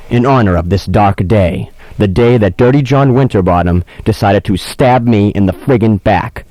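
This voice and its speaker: A man's voice: on the low side, moderate pace, few pauses, mellow, no room sound, rough recording. A man hosting a comedic radio show from a windowless studio on a studio mic, rambling melodramatically and stumbling over his words. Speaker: radio host. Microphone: studio microphone with headphones.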